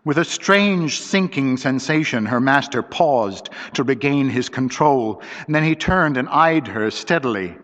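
A man reading a story aloud as an audiobook narrator, in a steady, deliberate storytelling manner. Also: medium pitch. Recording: dull lo-fi recording with long reverb.

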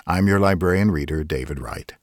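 A man, a librarian narrating a Victorian ghost story in a measured, dramatic way. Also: rumbling low, no room sound, clean studio sound.

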